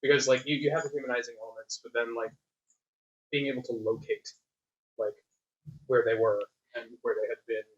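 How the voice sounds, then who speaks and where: A man's voice: medium pitch, fairly even intonation, fairly quick, pauses often. A man in the audience answering a question, speaking hesitantly with many fillers. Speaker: audience member. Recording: quiet, distant and lo-fi.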